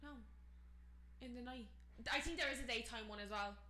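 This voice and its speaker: A young woman from Dublin with a Dublin accent, talking quickly in a bright voice. She co-hosts a chatty podcast and rambles through her stories with plenty of asides. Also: fairly high pitch, roomy sound. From Ireland. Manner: rapid, rambling storyteller. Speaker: podcast co-host. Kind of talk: casual chat.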